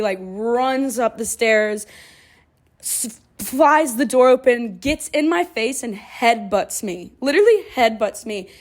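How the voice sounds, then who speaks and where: A young woman, telling her own life story in a candid, rambling way full of fillers. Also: on the high side. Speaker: podcast host. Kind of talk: personal storytelling.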